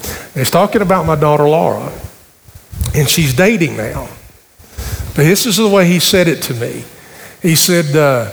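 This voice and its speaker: Gravelly older pastor in echoing hall. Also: male voice, on the high side, lively intonation, normal speed, long pauses. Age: 60s. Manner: folksy storytelling with rising emphasis. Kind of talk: conversational sermon. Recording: long hall reverb, faint background noise.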